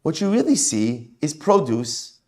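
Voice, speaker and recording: A man teaching a Talmud class, animated, asking and answering his own questions and mixing Hebrew and Aramaic terms into his English. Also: fairly high pitch, unhurried.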